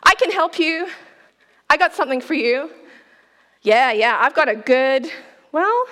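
A woman in her forties delivers a sermon in a chatty, playful way and laughs easily. Her voice sits high. The church hall around her leaves a long reverb. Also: lively intonation, unhurried, sharp tone. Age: 40s. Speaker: pastor. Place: church auditorium.

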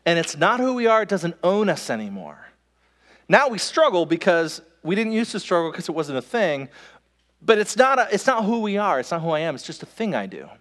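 A man preaching a sermon as pastor, in a conversational way, with quick asides and restarts. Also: sits high, big pitch swings, fairly bright tone. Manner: conversational, self-interrupting, with quick asides and laughs. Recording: long hall reverb.

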